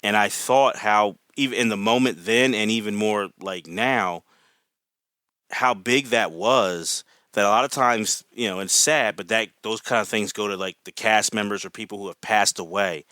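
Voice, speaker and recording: Guy rambling excitedly on a podcast, bright forceful voice, kinda low, lots of "you know"s. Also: normal speed, no room sound. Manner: enthusiastic, rambling with many fillers. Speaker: podcast guest. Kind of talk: casual podcast chat.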